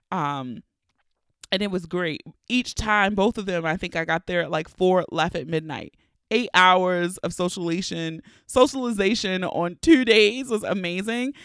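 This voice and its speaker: Speaking close to the mic on her own podcast, a thirtysomething woman delivers a casual monologue, chatty and playful, animated and often laughing, though slightly stuffy from allergies. Her voice is fairly low, clear and resonant, with no room sound.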